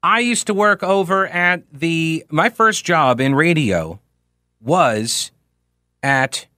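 A man's voice: fairly high pitch, lively intonation, slow, sharp tone, no room sound, clean studio sound. A man in his forties hosting a radio talk show, rambling through tangents and poking fun at himself. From Charlotte, North Carolina. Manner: rambling, self-mocking, goes off on tangents. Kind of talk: casual monologue with readings.

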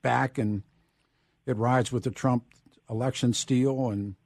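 Man, radio host, husky voice, loose joking talk, dry studio sound. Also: mid-range voice, fairly even intonation, measured pace, darkish tone, no room sound.

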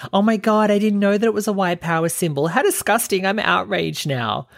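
A man's voice: high-pitched, a little fast, gravelly, fairly bright tone, pitched above the performer's own voice. A man mockingly imitating shocked social-media users in an exaggerated voice.

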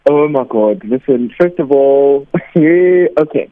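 A man, a teacher and radio host, calling in to tell an animated story and acting out the people in it. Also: medium pitch, takes it slowly. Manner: animated anecdote, acts out quoted voices. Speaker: teacher and weekend radio host, phone guest. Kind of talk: storytelling on a phone call. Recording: tinny phone line.

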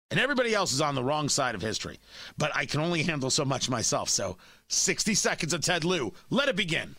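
A man's voice: on the high side, big pitch swings, brisk, sharp tone, no room sound. Radio host guy, mocking and sarcastic, voice jumping up and down a lot, dry studio sound. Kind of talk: opinionated talk radio commentary. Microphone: studio microphone.

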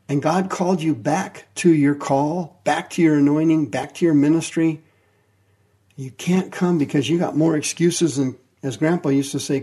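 A man with a husky, slightly high voice preaches a fiery sermon. He is animated, acting out the figures in his stories and swinging from loud to low.

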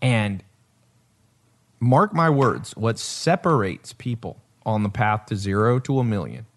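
A man hosting a casual podcast, telling stories emphatically and laughing often. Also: lowish voice. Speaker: podcast host.

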